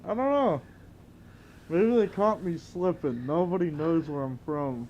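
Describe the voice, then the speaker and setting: A man's voice: a little high, lively intonation, measured pace, a little mellow, dull audio, slight background noise. A man co-hosting a casual livestream, making dry jokes. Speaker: livestream co-host.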